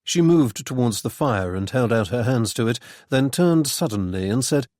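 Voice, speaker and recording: A man narrating a mystery novel in measured, even storytelling. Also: mid-range voice, no room sound, clean studio sound. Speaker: audiobook narrator. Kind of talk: scripted narration.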